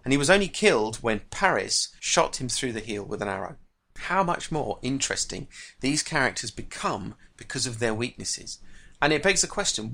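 A man hosting a podcast lesson on writing craft, explaining in a measured way. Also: mid-range voice, vocal fry, sharp tone. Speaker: writing teacher and podcast host.

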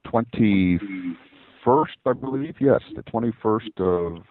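A man co-hosting a podcast in casual chat, with dry, unhurried remarks. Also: on the low side, narrow, tinny audio. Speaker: podcast co-host.

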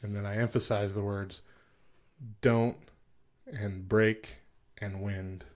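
A man's voice: fairly low pitch, flat delivery, takes it slowly. A man co-hosting a casual talk show, joking and laughing often as he tells stories. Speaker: co-host. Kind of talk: casual chat.

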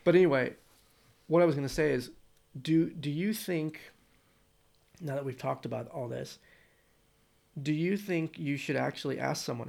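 A man's voice: on the high side, moderate pace, gravelly, pauses often, darkish tone. An American man in casual conversation, thinking aloud in long rambling turns full of restarts.

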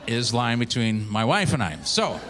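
A man's voice: medium pitch, very animated, moderate pace, a crowd in the background, background noise. A middle-aged man preaching a sermon, talking earnestly and telling stories with animation. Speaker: pastor.

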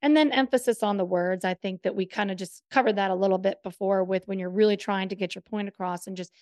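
Quick-talking woman podcast host, dry sound. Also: mid-range voice, fairly even intonation, darkish tone, no echo. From northern US. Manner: quick, laughing, emphatic talk. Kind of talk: casual chat.

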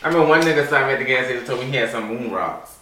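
A man's voice: medium pitch, very fast, a loud crowd. A young man co-hosting a podcast, telling stories in a casual slangy way and laughing often. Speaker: podcast co-host. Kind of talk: casual chat. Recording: roomy sound, mic at a distance.

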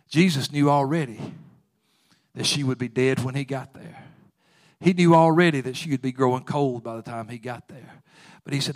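A man preaching a sermon, moving from quiet storytelling to loud, fervent exhortation with folksy phrasing. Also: mid-range voice, normal speed.

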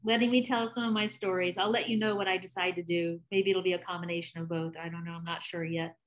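Guest storyteller: middle-aged woman, frank and chatty, quick to laugh. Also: fairly low pitch, steady tone. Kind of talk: candid personal storytelling.

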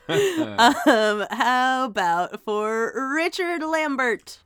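A woman's voice: high-pitched, sing-song, very slow, fairly bright tone, clean tone, no echo, studio quality. A woman co-hosting a podcast, laughing often and teasing. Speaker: podcast co-host. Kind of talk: casual podcast banter.

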